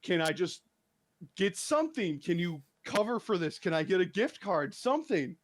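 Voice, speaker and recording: Exasperated young man, lively high voice. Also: moderate pace. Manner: exasperated, laughing, animated storytelling. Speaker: streamer. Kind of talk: casual ranting chat.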